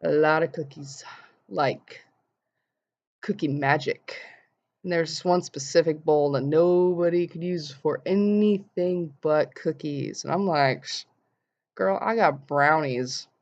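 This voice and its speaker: A young woman vlogger telling an animated story and acting out the quotes in voices. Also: low voice, slow. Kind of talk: casual storytelling vlog. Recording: dull lo-fi sound.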